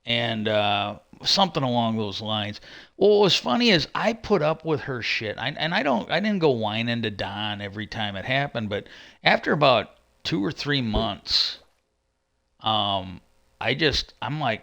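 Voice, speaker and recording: A man's voice: medium pitch, sing-song, normal speed, sharp tone. A man telling a long rambling story in casual chat, profane and repeating himself as he goes. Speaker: streamer.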